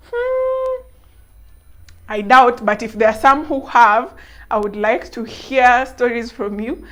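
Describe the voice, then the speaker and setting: Young kenyan woman vlogging, chatty storytelling, laughs a lot, voice a bit high. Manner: animated, laughing, mixing in local words. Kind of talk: casual storytelling to camera.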